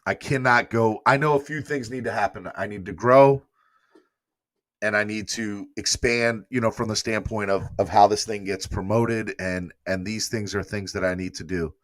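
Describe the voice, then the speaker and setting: Man, live-stream host, emotional and rambling, lowish voice, dry close sound. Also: steady tone, moderate pace, dry recording. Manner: emotional, rambling, reads viewer comments aloud. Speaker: host of a fan morning show. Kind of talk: casual live-stream chat.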